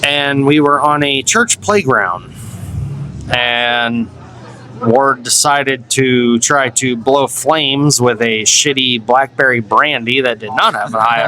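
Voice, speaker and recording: A man's voice: mid-range voice, poor audio. A man telling a wild, profane story in casual bar talk, acting out the voices of the people in it. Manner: profane, animated, acts out quotes. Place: local bar.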